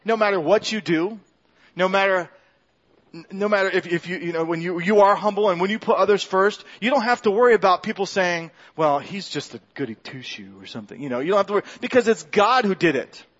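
High-voiced man preaching conversationally. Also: fast talker, fairly bright tone, dull audio. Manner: conversational, self-deprecating preaching with restarts. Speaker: pastor. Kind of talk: sermon. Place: church sanctuary.

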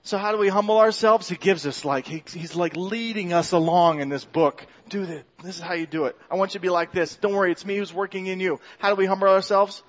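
A man preaches to his church in an easy, conversational way, often restarting his sentences and poking fun at himself. His voice sits high for a man. The recording sounds somewhat dull and lo-fi. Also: quick pace, few pauses. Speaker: pastor. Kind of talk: sermon. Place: church sanctuary.

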